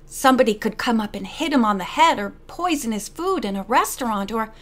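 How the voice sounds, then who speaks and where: A woman's voice: on the high side, animated, brisk, close to an everyday voice. A woman reading the part of a fretful, motherly older housekeeper in an audiobook. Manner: fretful, fussing.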